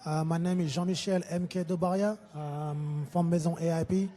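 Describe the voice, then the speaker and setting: A man's voice: a little high, steady tone, moderate pace, dark tone. A French-accented man, a filmmaker, speaking hesitantly in an interview. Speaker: filmmaker guest. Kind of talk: casual interview.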